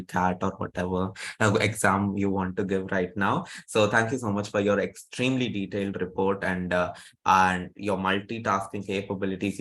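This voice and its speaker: Low flat-voiced male meeting host. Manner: polite, appreciative, with fillers. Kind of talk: hosting an online club meeting.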